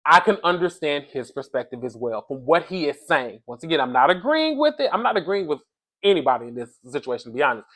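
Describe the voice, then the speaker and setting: A man giving a casual, animated recap of a reality show, talking straight to his viewers and often adding "allegedly". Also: on the high side, fast. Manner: animated, talks to the audience as "y'all", says "allegedly" often. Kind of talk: casual commentary.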